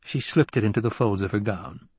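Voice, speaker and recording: A man narrating a novel as an audiobook in an even, unhurried storytelling manner. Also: fairly low pitch, slightly rough, no room sound. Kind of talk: scripted narration.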